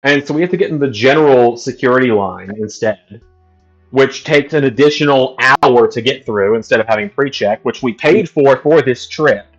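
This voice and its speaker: A man's voice: medium pitch, normal speed, dull audio, faint music behind. A man hosting a livestream, telling a travel story in an exasperated, profane ranting way. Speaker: livestream host.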